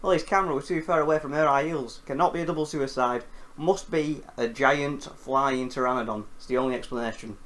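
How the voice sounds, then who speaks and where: A man's voice: mid-range voice, a little fast. Jokey man recapping a film. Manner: animated, jokey, swears casually. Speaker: film reviewer host.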